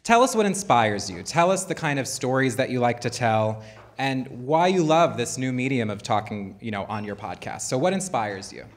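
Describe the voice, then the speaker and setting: A man's voice: mid-range voice, big pitch swings, normal speed. Male podcast co-host, upbeat and eager, live-stage interviewer. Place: sports bar, live show.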